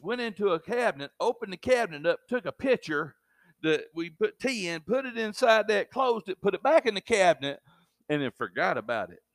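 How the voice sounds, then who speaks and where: A man preaching with a slightly raised voice, slipping into homely stories. He moves between loud and hushed passages in a dry, close sound. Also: high voice, no echo. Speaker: pastor. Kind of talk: sermon.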